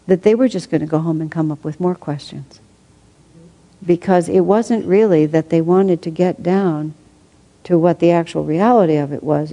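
A woman's voice: sits low, vocal fry, mellow, rough recording. A woman reading passages aloud to a study group, with chatty asides and frequent laughter. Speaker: reader leading a study group.

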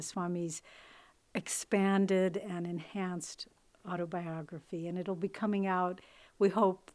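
A woman giving an informal spiritual talk, telling stories with quoted asides and dropping softly for emphasis. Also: on the low side. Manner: warm storytelling with quoted asides and soft emphatic drops. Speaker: spiritual teacher.

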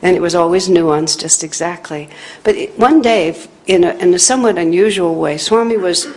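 A woman teacher telling a personal spiritual story in an earnest, reflective way, growing animated when she quotes others. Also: lowish voice, normal speed, poor audio. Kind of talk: storytelling talk.

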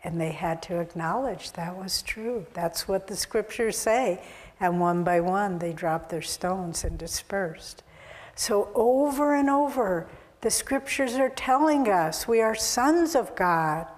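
A woman's voice: mid-range voice, animated, slow, darkish tone. A woman spiritual teacher giving an earnest, exhortative sermon, recorded with long hall reverb.

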